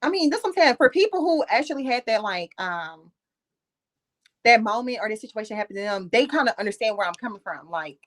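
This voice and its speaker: A woman's voice: on the high side, animated, a little fast. A woman hosting a casual live-stream chat, rambling with many fillers. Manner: rambling, filler-heavy talk. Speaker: host.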